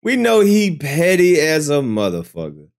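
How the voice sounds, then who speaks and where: A man's voice: on the high side, huge pitch swings, normal speed. A man hosting a reaction channel in a laid-back, joking, conversational way. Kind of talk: casual reaction commentary.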